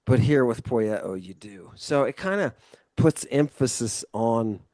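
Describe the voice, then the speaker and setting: A man's voice: medium pitch, expressive, unhurried, a little mellow, dry recording. A man giving a casual one-on-one Ancient Greek lesson, explaining step by step and often checking understanding with "right?". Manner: casual and loose, with mild swearing.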